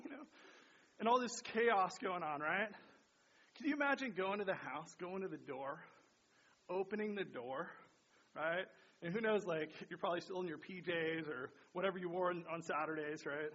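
A man's voice: high voice, normal speed, sharp tone. A man preaching a sermon and praying aloud, chatty and casual, often checking in with "right?" and "you know". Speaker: pastor. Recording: dull lo-fi sound.

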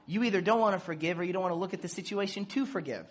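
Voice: mid-range voice, rapid-fire. A parent giving a casual sermon, acting out quoted dialogue and joking while teaching. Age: adult with children. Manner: animated, acts out quoted dialogue; jokes and laughs while teaching.

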